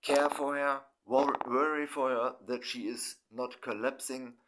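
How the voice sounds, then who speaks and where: Slow-talking German man, halting English. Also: medium pitch, fairly even intonation, background noise. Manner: halting, broken English with swearing. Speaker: vlogger. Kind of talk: emotional personal monologue.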